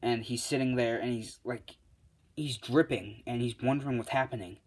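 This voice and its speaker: A man's voice: medium pitch, normal speed, darkish tone, husky. Rambling young man telling a fan story. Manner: rambling, frequent "uh" and self-corrections, laughs at own story. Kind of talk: improvised fan-fiction storytelling.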